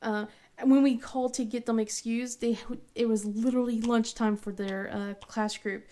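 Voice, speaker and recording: Woman, thirties, craft vlogger, casual storytelling, rambling, lots of fillers, laughs often, slightly high pitch. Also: steady tone, normal speed, mellow. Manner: rambling, full of fillers and restarts; laughs often while telling. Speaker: craft channel host.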